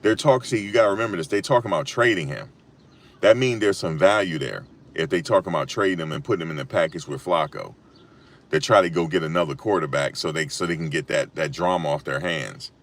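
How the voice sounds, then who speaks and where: A man giving casual, emphatic sports talk on a live stream, repeating his points and rising to loud peaks. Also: low voice, quick pace. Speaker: sports commentator.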